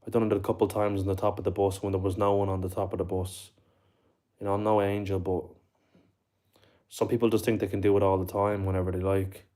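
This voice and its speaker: A man's voice: deep voice, level tone, fast talker, warm tone. A young Irish man chatting with his livestream viewers, swearing constantly and tagging his lines with bro and like. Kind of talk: casual chat with viewers.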